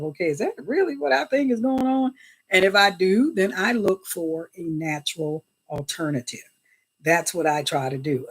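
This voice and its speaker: A woman chatting casually on a livestream, greeting viewers by name and often thanking God and Jesus. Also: fairly low pitch. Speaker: livestream host.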